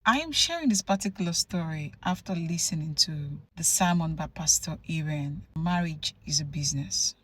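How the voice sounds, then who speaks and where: A woman from Nigeria telling a personal story to camera in an animated, conversational way, full of asides. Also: sits low, normal speed, few pauses, breathy edge. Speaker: vlogger. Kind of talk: storytelling vlog.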